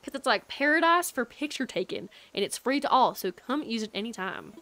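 A woman's voice: a little high, very animated, brisk, pushed and bright, exaggerated voice. A woman doing a folksy southern-twanged villager. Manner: put-on exaggerated southern twang. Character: folksy cheerful male villager.

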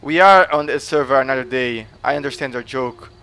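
Here a gaming channel host with a Brazilian Portuguese accent role-plays a cop interrogating someone, all in fun. His voice is mid-range, smooth and brisk; he's loud and teasing, repeats himself, and mixes in Portuguese words.

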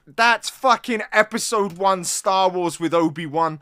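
A reaction host talks in a hyper, rambling rush and swears nonstop. The voice is bright and forceful. It sits close to the mic in a dry space with no room sound. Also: mid-range voice, unhurried, hardly any pauses, smooth, dry recording. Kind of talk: excited reaction commentary.

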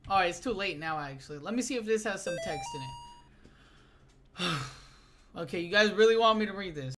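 A young man giving casual let's-play commentary on a horror game, excitable and jumpy, calling everyone "bro" and yelling when startled. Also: high-pitched, normal speed, pauses often, very noisy. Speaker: gaming YouTuber.

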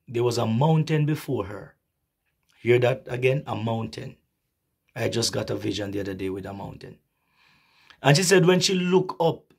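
A man preaching a sermon slowly and emphatically, repeating phrases, with a husky voice and an occasional cough. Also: medium pitch. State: coughing, clearing throat.

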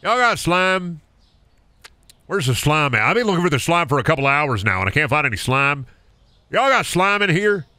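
A man voicing a loud, demanding man customer hunting through a grocery store. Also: on the high side, very animated, moderate pace, no echo. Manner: drawling, demanding, repetitive.

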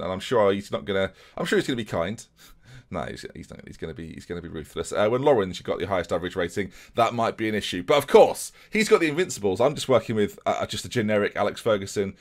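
Man, lowish voice, chatty, self-deprecating, talks to viewers, let's-play host. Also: lively intonation, fast. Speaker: gaming YouTuber host. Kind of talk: casual let's-play commentary.

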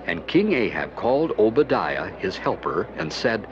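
A man giving scripted narration of a children's Bible story, expressive and animated. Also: lowish voice, normal speed, few pauses, slight background noise. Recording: dull lo-fi with music behind.

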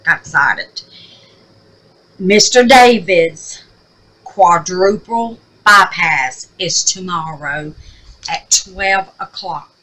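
A woman's voice: lowish voice, extremely slow, pushed and bright, poor audio. A woman hosting a craft channel, chatting affectionately with viewers and easily sidetracked. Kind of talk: casual vlog sign-off with prayer.

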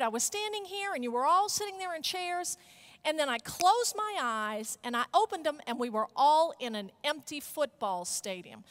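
Middle-aged woman, high voice, energetic keynote speaker with audience chants. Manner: animated storyteller, leads call-and-response chants. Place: conference hall stage.

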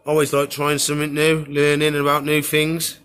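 In a slightly high voice at a moderate pace, a vlogger who keeps exotic pets shows his animals and tanks. He rambles easily and keeps filling gaps with "so yeah."

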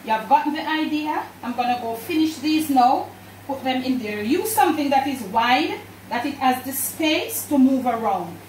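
A woman's voice: high voice, expressive, moderate pace, a little mellow, a little hiss or hum. A woman with a Jamaican accent, a home cook demonstrating a recipe and talking chattily to her viewers as family. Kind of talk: cooking demonstration. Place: home kitchen. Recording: echoey kitchen, distant mic. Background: clatter of dishes and pans.

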